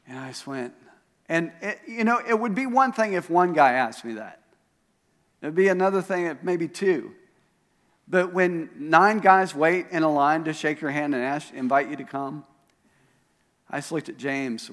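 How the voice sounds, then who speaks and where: A man's voice: fairly high pitch, normal speed, a bit bright. A pastor telling a story during a sermon, animatedly acting out the voices of the people he quotes. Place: church auditorium. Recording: live sermon in a reverberant hall.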